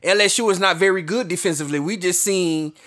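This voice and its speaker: A man co-hosting a casual sports talk show, relaxed and rambling, with fillers. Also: high voice, quick pace.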